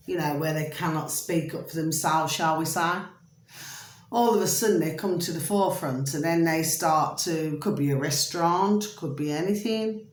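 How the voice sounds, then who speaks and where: Slow, rambling woman vlogger. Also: lowish voice, reverberant. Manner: chatty, meandering, easily distracted; calls viewers "my delicious little babies". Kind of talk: rambling monologue to camera.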